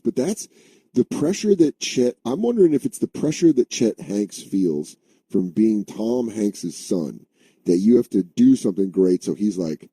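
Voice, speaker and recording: A man's voice: fairly low pitch, big pitch swings, a little slow, warm tone, breathy edge, dry recording. A man co-hosting a comedy podcast, riffing loosely in casual chat and slipping into goofy voices. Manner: riffing, doing silly mock voices. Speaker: podcast co-host.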